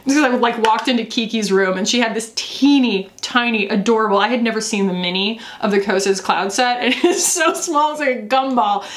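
A woman chatting casually as a beauty vlogger, animated and often laughing, alone in a room talking to a camera. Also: fairly high pitch, brisk, hardly any pauses, reverberant. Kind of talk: casual makeup review vlog.

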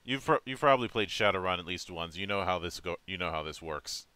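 A man's voice: deep voice, expressive, fast talker, pushed and bright. A man hosting a casual online interview, jovial and theatrical, laughing often. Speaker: host.

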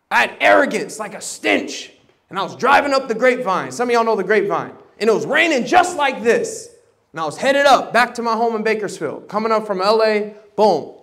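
High-voiced preacher man telling a story. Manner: animated, acting out quoted voices, swings from loud to hushed. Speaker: pastor. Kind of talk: sermon storytelling. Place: church service.

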